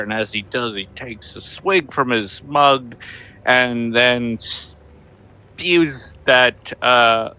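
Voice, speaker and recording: A man at a tabletop game who describes his character's moves at a very slow, halting pace. His voice is bright and forward, and he fills the gaps with ums and restarts. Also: mid-range voice. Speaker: player.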